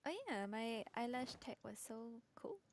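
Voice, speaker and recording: A woman's voice: a little high, measured pace, slight background noise. Playful Singaporean woman chatting while gaming. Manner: playful, giggly, rambling storytelling with many fillers. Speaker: streamer. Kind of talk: casual chat while gaming.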